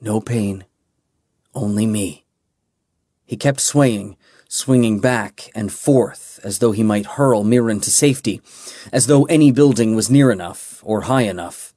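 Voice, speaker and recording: A male audiobook narrator reading a fantasy novel in a measured, dramatic way. His pace is slow and deliberate at a middle pitch. The recording is close and dry. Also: mellow, no echo. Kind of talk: scripted narration.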